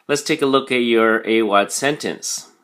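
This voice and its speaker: A man's voice: medium pitch, unhurried, a bit bright. A man teaching a recorded vocabulary lesson, explaining patiently with frequent ums and "okay?" check-ins.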